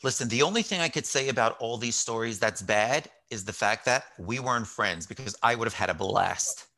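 A man hosting an interview podcast, eagerly retelling his guest's stories with growing excitement. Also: mid-range voice, a little fast. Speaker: podcast host. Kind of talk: interview chat.

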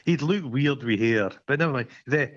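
A man's voice: mid-range voice, normal speed, muffled recording, a little hiss or hum. A man co-hosting a film podcast from Scotland, joking and teasing in casual chat as he retells scenes. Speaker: podcast co-host.

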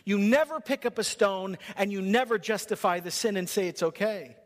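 A man's voice: high-pitched, normal speed. A male pastor preaching a sermon in a church, emphatic and punchy, in short rhythmic phrases. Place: church sanctuary. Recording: long reverb of a large hall.

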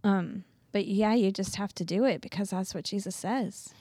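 A woman co-hosting a casual faith discussion, gentle and affirming. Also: mid-range voice, normal speed, dry recording, studio quality.

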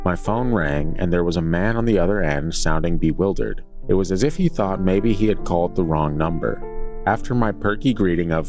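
A man's voice: deep voice, lively intonation, moderate pace, darkish tone, faint music behind. A man hosting a podcast, reading listener stories aloud in a casual, joking way. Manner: jokey, reads aloud with playful asides.

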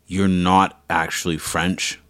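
Deep-voiced playful male podcast host. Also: level tone, slow pace, a bit bright, no echo. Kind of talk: improvised comedy chat.

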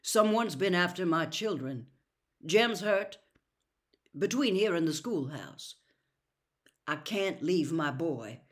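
A steady middle-aged father, firm and clipped, keeping control while he gives urgent instructions, as a woman reading aloud voices him. It is a storybook reading with only a slight change from the reader's own voice. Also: fairly low pitch, slow pace, pauses often.

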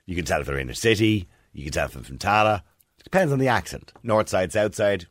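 A man in his sixties from Ireland, with a mild Dublin accent, presents a chatty radio phone-in, asking listeners questions in a lowish, sing-song voice and talking fast. He's on a studio microphone, with a dry, studio-quality recording.

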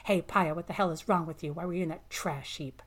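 A woman voicing a brash, bossy female space salvager who curses, talks loud and shouts in anger, with a husky voice. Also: on the low side, fairly even intonation, fairly quick. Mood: scornful. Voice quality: loud and abrasive.

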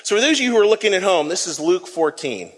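A man preaching a sermon, telling the story in a lively way with acted quotes and asides to the congregation. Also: sits high, fast talker, big-room sound. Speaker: pastor.

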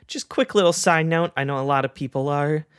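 A man's voice: on the high side, brisk, smooth, no echo. A man co-hosting a casual podcast, who keeps slipping into laughter as he tells a story. He talks loosely and leans on plenty of fillers. The sound is dry and close, with no room in it. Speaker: podcast co-host. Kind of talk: casual chat.

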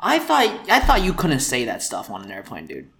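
A man's voice: medium pitch, normal speed, reverberant. A man co-hosting a podcast, telling a story in casual chat and acting out the people in it. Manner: animated, acts out quoted people.

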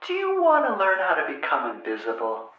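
A man's voice: a little high, huge pitch swings, fairly quick, echoey room, lo-fi sound, voice pushed up. A man voicing his teasing mother, in a raised, mock-astonished put-on voice. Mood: sly. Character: sly teasing mother playing a trick.

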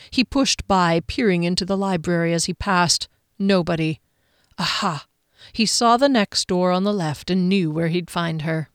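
A woman narrating a fantasy novel aloud with an expressive, dramatic reading. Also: on the low side, moderate pace, clear, resonant tone, no echo, studio quality. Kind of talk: audiobook narration.

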